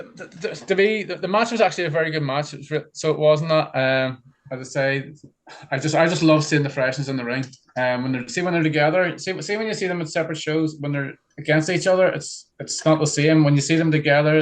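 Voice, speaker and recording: Rambling man with halting restarts. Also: on the high side. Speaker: podcast co-host. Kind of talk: casual wrestling chat.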